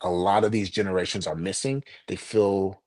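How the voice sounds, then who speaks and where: A middle-aged man with a somewhat low voice speaks earnestly about parenting. His casual podcast talk leans into lecturing on values. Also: fairly even intonation, moderate pace, a little mellow. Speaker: podcast co-host. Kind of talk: casual chat.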